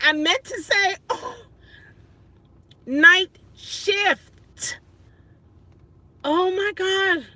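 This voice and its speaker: A high, bright-toned woman talks slowly and unhurriedly in a casual livestream chat from her parked car at night. She sounds flustered, exclaiming often and laughing at herself as she talks to viewers through her phone. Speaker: rideshare driver livestreaming.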